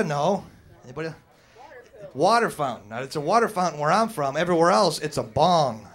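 Standup guy ribbing the audience, quizzing them, slightly high voice. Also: fairly bright tone. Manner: quizzing the crowd, brash teasing. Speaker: stand-up comedian. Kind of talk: stand-up routine with crowd work.

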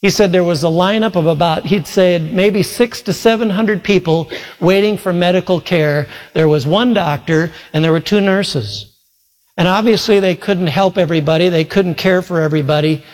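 A man's voice: high-pitched, moderate pace, a little mellow. A male preacher earnestly retelling a story in a sermon, quoting voices as he goes. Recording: long reverb from a large hall.

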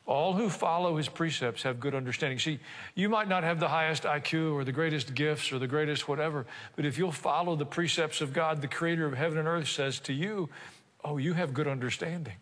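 Older pastor preaching in an echoing hall. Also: male voice, a little high, a little fast, a bit bright. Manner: conversational preaching with asides and rhetorical questions. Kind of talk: sermon. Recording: reverberant church hall.

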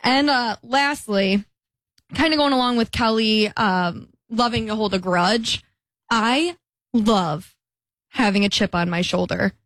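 A young woman co-hosting a casual podcast chat, talking quickly and acting out the voices of people she quotes. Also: fairly high pitch, a bit bright, dry recording. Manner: chatty, acts out quoted voices. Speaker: podcast co-host.

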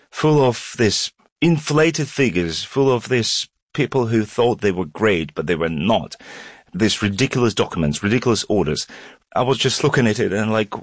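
A man's voice: on the low side, no room sound, studio quality. A man, speaking ironically and with animation in an interview clip. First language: Russian. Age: 40s. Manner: animated, ironic, pace jumps around. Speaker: comedian and former journalist.

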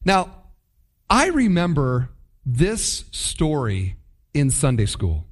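High-voiced animated man teaching scripture. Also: takes it slowly, breathy edge. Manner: animated, conversational, asks the audience questions. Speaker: Bible teacher. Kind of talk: expository sermon.

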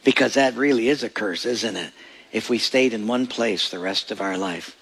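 Gravelly-voiced pastor preaching a sermon. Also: male voice, lowish voice, moderate pace, fairly bright tone. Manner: storytelling, acts out quoted voices.

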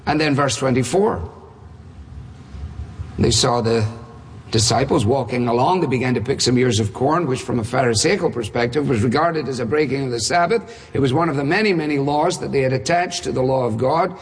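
Husky-voiced man preaching in a hall. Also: medium pitch, lively intonation, moderate pace. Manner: emphatic rhetorical questions, dry humor. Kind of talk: sermon. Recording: reverberant hall.

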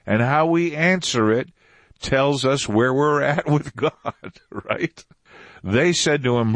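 Male preacher, conversational, animated pitch, emphatic repetition, dry recording. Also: takes it slowly, no room sound. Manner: conversational, repeats phrases for emphasis. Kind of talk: Bible teaching.

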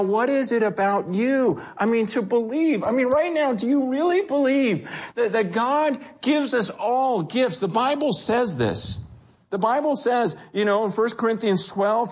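A man with a high voice gives a conversational sermon. He keeps it loose and animated, slipping into the voices of the people he quotes. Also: slightly rough. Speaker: pastor.

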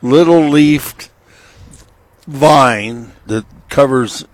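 A middle-aged man hosting a radio gardening show, giving slow, folksy, instructive advice. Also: medium pitch.

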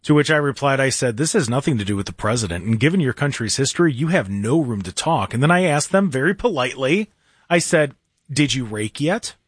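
A man's voice: mid-range voice, lively intonation, fast talker, slightly rough, no echo, clean studio sound. A man hosting a talk radio show, telling a story in a sarcastic, mocking way.

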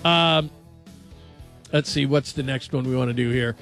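A male sports radio host in a radio studio, talking in a chatty, animated and jokey way. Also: mid-range voice, moderate pace, soft background music. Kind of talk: casual sports talk.

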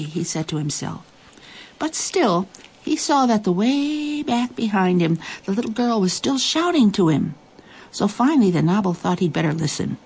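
A woman reading a children's story aloud, expressive and deliberate. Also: mid-range voice, slightly rough.

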